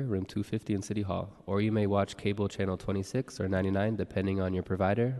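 A low-voiced man reads roll call and public notices at a quick clip, his tone dark and mellow. He is a board clerk who keeps things procedural. The sound carries a long reverb from a large council chamber. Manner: brisk, procedural reading. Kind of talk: reading roll call and announcements.

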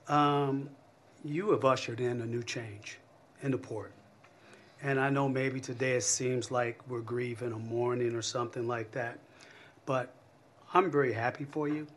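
A man serving as commission vice president, giving earnest, measured farewell remarks at a public meeting. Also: medium pitch, fairly bright tone, a little hiss or hum.

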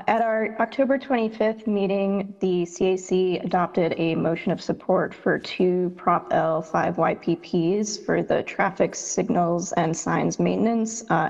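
A woman with a lowish, gravelly voice delivers a businesslike committee report at a public meeting. The sound is somewhat dull and echoes with a long chamber reverb. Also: darkish tone. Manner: businesslike, with fillers. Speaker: advisory committee vice chair.

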